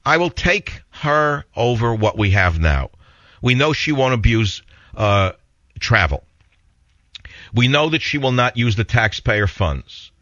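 A man's voice: mid-range voice, big pitch swings, slow, fairly bright tone, no room sound, lo-fi sound. A man with a heavy New York accent hosting a talk radio show, opinionated and rambling in a blunt monologue.

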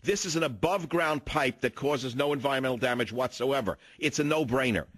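An older male talk radio host in full rant, spinning grievances into long indignant stories. His voice sits at an ordinary middle pitch, recorded close and dry with no room sound. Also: brisk, fairly bright tone, dry recording. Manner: ranting, indignant storytelling.

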